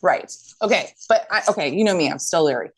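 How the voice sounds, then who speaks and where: Woman podcast co-host, lowish voice, animated storyteller who acts out quotes. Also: fast talker, slightly rough. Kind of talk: casual chat.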